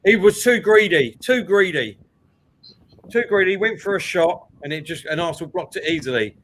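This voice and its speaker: A man hosting a live football watchalong, calling the play and getting loud at big chances. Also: high voice, normal speed, a little hiss or hum. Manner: excitable, shouts at big chances. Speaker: watchalong host.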